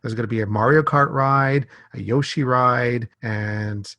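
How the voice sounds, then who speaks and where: A man's voice: medium pitch, steady tone, unhurried, pushed and bright, no room sound. A Canadian man from Saskatchewan, a podcast guest talking about theme parks in a friendly way and laughing easily. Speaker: guest, theme park blogger. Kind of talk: casual interview chat.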